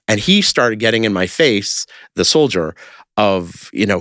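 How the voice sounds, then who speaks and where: A man's voice: on the low side, animated, moderate pace, fairly bright tone, no room sound, studio quality. A man talking casually as a podcast guest, telling stories in a rambling way with lots of fillers and restarts. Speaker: interview guest, creator of a street-question video project.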